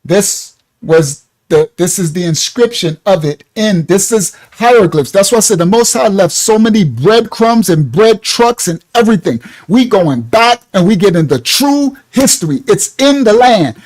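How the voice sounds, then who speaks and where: A man giving an excited Bible lesson. He gets loud as he talks and keeps checking in with his listeners. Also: high voice, normal speed, few pauses. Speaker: Bible teacher. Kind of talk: excited teaching talk.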